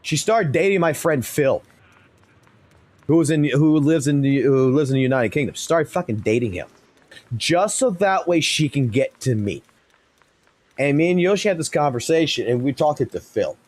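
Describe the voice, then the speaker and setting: A man in his thirties, a live streamer, spins a story in a blunt, heated way with a curse every few words. His voice sits slightly higher than most men's. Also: animated, normal speed, a little mellow. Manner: heavy swearing, blunt and heated.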